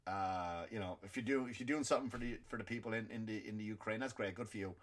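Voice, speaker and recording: A man from Ireland hosts a comedy podcast at a quick pace, ranting in a loose stand-up manner. His delivery swings from loud outbursts to low muttering, with frequent restarts and repeated words.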